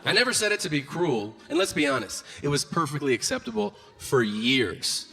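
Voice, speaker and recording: A man's voice: fairly high pitch, very animated, a little fast, vocal fry, bright, forceful tone. A man doing a stand-up comedy routine on stage, profane and acting out both sides of exchanges in mocking voices. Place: comedy stage before a live audience. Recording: noisy live stage recording.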